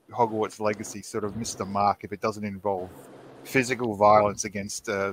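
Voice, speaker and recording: A man's voice: lowish voice, a bit bright, slight background noise. A man co-hosting a casual podcast chat, rambling along with plenty of filler words. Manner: rambling, with frequent fillers and restarts. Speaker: podcast co-host.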